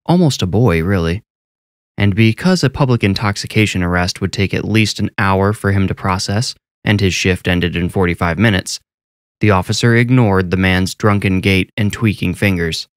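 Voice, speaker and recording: A man narrating a horror story in a measured, steady scripted style. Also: low voice, no room sound, studio quality. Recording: narration over clear background music.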